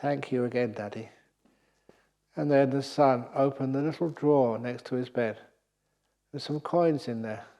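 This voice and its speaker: Male monk, retreat talk, animated storyteller, mid-pitched voice. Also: moderate pace. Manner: lively storytelling, laughs at own jokes. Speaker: Buddhist monk teacher. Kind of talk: dharma talk at a meditation retreat.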